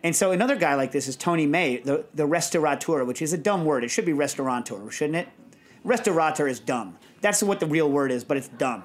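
A fairly high-voiced male podcast host chatting casually. He rambles from one story to the next, quick and animated, with lots of asides. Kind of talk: casual chat.

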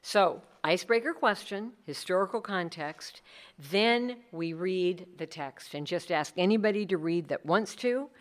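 A woman's voice: on the low side, a little slow, few pauses. A middle-aged woman speaking earnestly to a group about leading Bible studies, acting out the people she quotes. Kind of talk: talk with audience questions.

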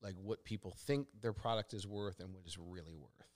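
Blunt, animated male podcast guest. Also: low voice, brisk, no room sound. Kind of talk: casual chat.

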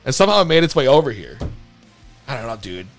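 A man's voice: medium pitch, sing-song, fast, gravelly, faint music behind. A man hosting a call-in podcast in casual chat, laughing often and talking in slang with casual swearing. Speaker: podcast host taking calls.

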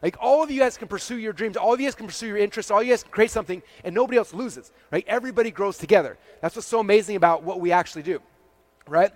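A man giving a motivational talk to a live audience, energetic and peppered with "like", often checking in with "okay?" and "right?". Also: sits high, rapid-fire, dry recording. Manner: heavy use of "like" as a filler. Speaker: speaker presenting to a live audience.

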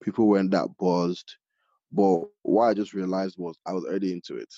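A man from Nigeria, a chef, telling his story casually in an interview, animated and full of fillers. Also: low-pitched, fairly quick, no echo. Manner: animated, many fillers like "like" and "you know". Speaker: chef, podcast guest. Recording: dull lo-fi audio.

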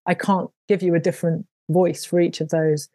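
Woman, author interview, self-deprecating, laughs often, lowish voice, dry close sound. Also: little pitch movement, normal speed, warm tone, no echo. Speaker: author and audiobook narrator. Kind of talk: conversational interview.

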